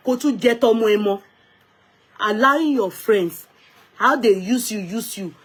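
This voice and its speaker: Husky and mid-range, this Nigerian woman's voice carries her unscripted live stream as she speaks with emphasis, scolds, greets viewers by name and keeps restarting her sentences.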